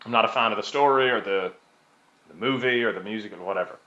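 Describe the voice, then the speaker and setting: A young Irish man with a lowish voice tells stories casually, poking fun at himself and laughing often. His voice carries a roomy echo on a slightly dull, muffled recording. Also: quick pace, pushed and bright. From Ireland. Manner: chatty and self-deprecating, laughs often. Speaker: podcast guest. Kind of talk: casual storytelling.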